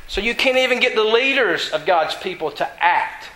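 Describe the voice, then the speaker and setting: A man preaching with a high, bright voice that carries. He talks to his listeners earnestly and conversationally and keeps asking them questions. The sound rings around a roomy, echoing space. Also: animated, normal speed, slight background noise. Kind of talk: sermon.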